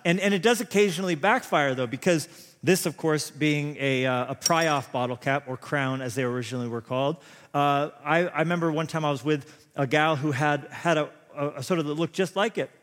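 A man's voice: a little high, fairly quick, fairly bright tone, slight background noise. A man in his thirties preaching a sermon, telling rambling, self-deprecating stories full of restarts. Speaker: pastor. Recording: long hall reverb.

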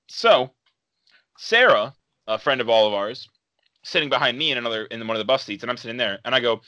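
A young man hosting a casual podcast, his voice bright and forward. He rambles through a story and acts out the voices of the people in it. The sound is close and dry, with no room around it. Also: mid-range voice, animated, a little fast, dry recording, dull audio. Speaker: podcast host.

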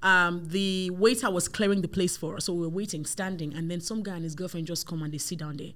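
A woman's voice: on the low side, quick pace. Chatty woman telling stories. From Nigeria. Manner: chatty, animated storyteller with frequent fillers. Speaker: guest, tech influencer. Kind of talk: casual conversation.

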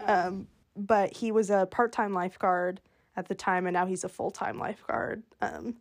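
A young woman co-hosting a podcast in a relaxed, chatty way. She tells family stories with easy laughter and a touch of self-conscious embarrassment. Her voice has an ordinary middle pitch. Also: moderate pace. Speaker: podcast co-host. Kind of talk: casual chat.

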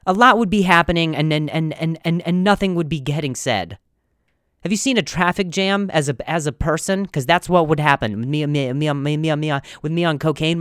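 A man's voice: fairly high pitch, fairly quick, fairly bright tone, clean tone, no echo, clean studio sound. A man hosting a comedy podcast with a strong stutter, repeating words and blocking on sounds, self-deprecating and rambling. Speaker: podcast host.

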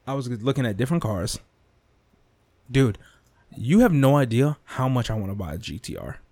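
A young man hosting a podcast, ranting casually with lots of swearing, repetition and quick asides. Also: mid-range voice, dry recording. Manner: animated, profane, repetitive, swings into mock whispers and impressions. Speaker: podcast host. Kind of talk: casual rant monologue.

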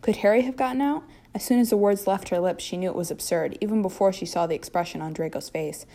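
A woman reads a story aloud in a low, even voice. She keeps a steady pace and sometimes stumbles and restarts a word. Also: quick pace. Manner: steady reading with occasional slips and restarts. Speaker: fanfiction reader. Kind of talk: reading fiction aloud.

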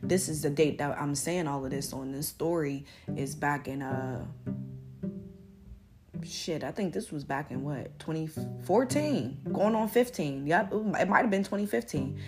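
A low-voiced woman hosting her own podcast, talking straight to her listeners as "y'all" with an American accent that drifts between northern and southern. She rambles along in a chatty, playfully boastful way over guitar music. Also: animated, measured pace. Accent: American, mixing northern and southern. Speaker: podcast host. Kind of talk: casual solo podcast monologue.

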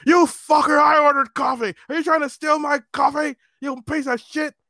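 A man voicing a belligerent drunk male customer who shouts abuse. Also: extremely high pitch, fairly even intonation, moderate pace, vocal fry, no echo, clean studio sound, voice pushed up, full character voice. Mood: enraged.

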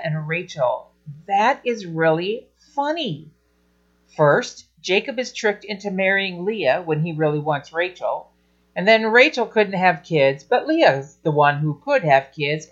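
Woman, children's ministry teacher; slow, lowish, dull lo-fi recording. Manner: earnest, amused, reads scripture aloud expressively. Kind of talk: teaching talk on storytelling.

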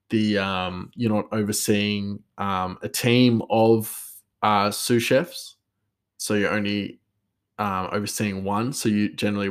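Male chef, casual podcast monologue; lower pitch, hesitant, rambling, laughs easily.

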